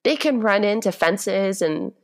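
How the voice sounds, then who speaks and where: A woman in her twenties, a podcast guest, telling a story in a chatty, animated way with a gentle voice. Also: mid-range voice, a little slow. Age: 20s. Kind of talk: casual chat, storytelling.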